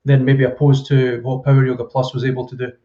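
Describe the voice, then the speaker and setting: A man with a Scottish accent, a fitness coach guest on a remote call, answering in a polite, measured, slightly formal way. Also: medium pitch, flat delivery. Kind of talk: casual interview answers. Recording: echoey, dull remote call audio.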